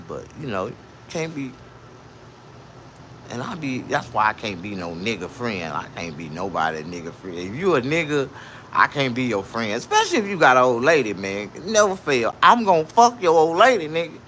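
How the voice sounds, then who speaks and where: A man holds forth as a comedian, spinning crude, boastful tales laced with profanity. His voice swings widely and keeps leaping high. The tone is bright and cutting, with a faint hum behind him. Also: normal speed. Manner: animated, with sudden jumps to a high voice.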